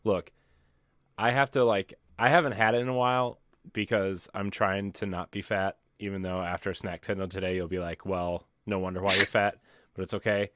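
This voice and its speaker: A man's voice: fairly low pitch, fairly even intonation, a little fast, fairly bright tone. A man co-hosting a podcast over a video call, chatting casually and joking, often laughing mid-sentence. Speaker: podcast co-host. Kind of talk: casual chat.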